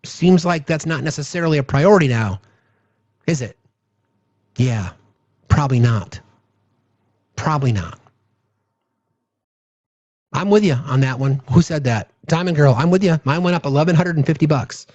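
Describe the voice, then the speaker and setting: A man's voice: a little high, expressive, fairly quick, darkish tone, no room sound, highs cut off. A man hosting a casual livestream chat, talking bluntly with the odd curse word. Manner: blunt, profane, conversational. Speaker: host.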